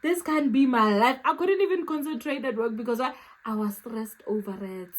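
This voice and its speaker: A young South African woman with a South African accent, telling a storytime vlog with animated, dramatic acted-out reactions. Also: a little high, normal speed, low-quality recording. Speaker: YouTuber.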